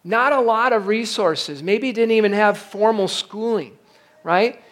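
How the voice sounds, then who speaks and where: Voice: mid-range voice, a little slow. A pastor giving a sermon in an emphatic, conversational way, with asides to the congregation.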